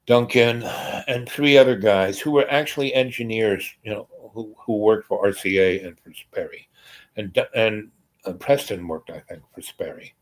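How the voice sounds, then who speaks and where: A man's voice: lowish voice, rough recording. A man telling a long personal story in a rambling, casual way, full of fillers and quoted exchanges. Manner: rambling, filler-heavy, voices others in quotes.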